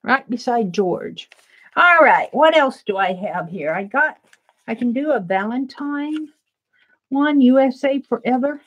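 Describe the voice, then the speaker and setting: A woman's voice: fairly high pitch, animated, a little slow, a bit bright, dull audio. A middle-aged woman from the American Midwest chatting casually and rambling as she works on an art livestream. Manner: chatty, rambling, laughs often while working. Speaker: art streamer. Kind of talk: casual crafting livestream chat.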